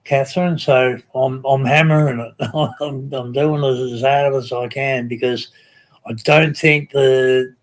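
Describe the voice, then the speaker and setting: Australian male streamer, easygoing chat with viewers, unhurried, lots of ums and restarts. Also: medium pitch, steady tone. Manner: slow, rambling, many ums and restarts. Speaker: live stream host. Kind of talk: casual live chat reading comments.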